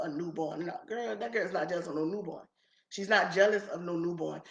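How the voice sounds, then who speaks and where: A woman's voice: on the low side, fairly bright tone. A woman vlogger giving emphatic, repetitive casual commentary as a mother reacting to online drama. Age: adult mother. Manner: emphatic, ranting, repeats herself. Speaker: YouTube vlogger. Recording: roomy echo.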